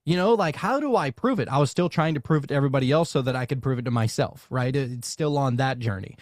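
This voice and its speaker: A man from Louisiana tells a story with a slightly high voice, heavy on fillers, restarts and casual swearing. His voice is close and dry, with almost no room sound. He keeps the telling lively and loose, like a chat between friends. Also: fast, hardly any pauses, no room sound. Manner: animated, swears freely, many fillers. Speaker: podcast guest.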